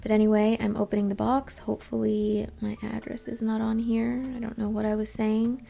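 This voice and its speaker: Chatty vlogger woman with a gravelly voice. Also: on the high side, monotone, a little fast, dark tone. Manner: chatty, rambling, self-deprecating. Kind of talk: casual vlog voice-over.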